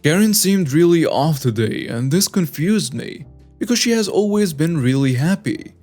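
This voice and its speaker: A man narrating scripted online stories in an animated storytelling manner, reading lists item by item. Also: a little high, normal speed, soft background music.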